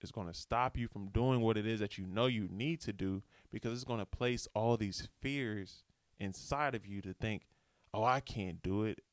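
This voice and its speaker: A man's voice: fairly low pitch, normal speed, dry recording, clean studio sound. A young man hosting a casual motivational podcast alone, talking in a laid-back, slangy way into a microphone. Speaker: podcast host. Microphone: studio microphone.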